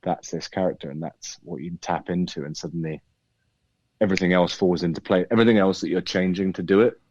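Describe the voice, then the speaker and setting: A British actor chatting in an interview, talking thoughtfully with lots of restarts and hedges. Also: male voice, deep voice, steady tone, fast, darkish tone, dull audio, slight background noise. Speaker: actor guest. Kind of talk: casual interview chat.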